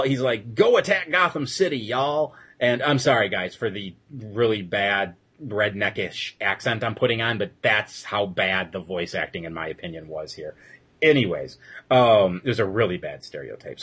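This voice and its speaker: A man's voice: mid-range voice, fairly bright tone, slightly rough. A man co-hosting a podcast, retelling an episode in a loose, rambling way with many fillers. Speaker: podcast co-host reviewing episodes. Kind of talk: casual chat.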